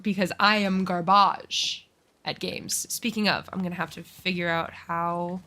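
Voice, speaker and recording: In a casual gameplay stream, this woman chats away, swearing at foes and mocking her own abilities. Her voice is lowish, steady, bright and forceful, delivered at a measured pace, with a faint hiss or hum in the audio.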